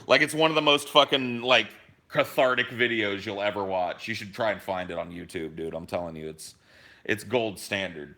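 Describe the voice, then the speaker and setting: Young male podcast co-host, bright and punchy, lower-pitched, animated swearing storyteller. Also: moderate pace. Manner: animated storyteller, swears freely, acts out quotes. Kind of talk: casual podcast chat.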